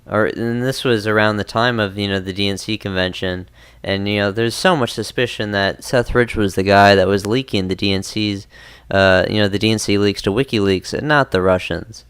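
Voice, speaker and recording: A man's voice: lowish voice, steady tone, normal speed, a bit bright, clean tone, no echo. A man co-hosting a political talk podcast, speaking casually and often saying "you know". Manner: conversational, leans on "you know". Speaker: podcast co-host.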